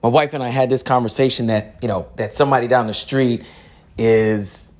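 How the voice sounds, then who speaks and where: A man giving personal testimony, halting and searching for words, with frequent restarts. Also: medium pitch, fairly even intonation.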